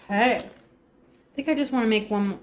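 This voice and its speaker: A woman's voice: on the high side, normal speed, a little hiss or hum. A young woman chatting casually with her live-stream chat while cooking in her home kitchen, giggling often.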